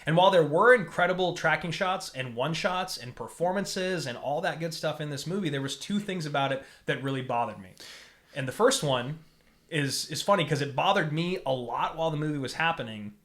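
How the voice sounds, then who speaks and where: A man's voice: on the high side, a little fast, fairly bright tone. A man co-hosting a podcast, talking through a film review in a casual, thoughtful way and correcting himself as he goes. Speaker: podcast co-host. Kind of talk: casual movie review chat.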